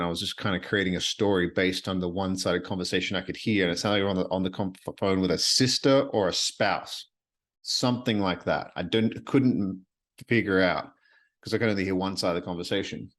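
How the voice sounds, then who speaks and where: Man, low voice, solo podcast host, earnest, rambling, repeats himself. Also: fairly even intonation, fairly quick. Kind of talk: solo reflective podcast monologue. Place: his apartment at night.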